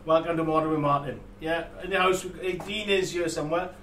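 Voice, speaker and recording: Talking fast in a slightly high, fairly even, somewhat bright voice, a man chats casually on his live model-making stream, laughing a lot and frequently restarting and using fillers. The mic is distant, picking him up off-axis in an echoey room with faint background noise.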